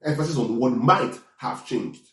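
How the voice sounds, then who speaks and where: A man's voice: mid-range voice, moderate pace, a bit bright, roomy sound. A man preaching a sermon, teaching in a conversational way with frequent check-ins and restarts. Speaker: pastor.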